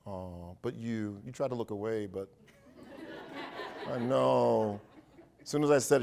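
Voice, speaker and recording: A man leading a workshop for educators, telling a playful, animated story and joking with his audience. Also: on the low side, measured pace, vocal fry, pauses often.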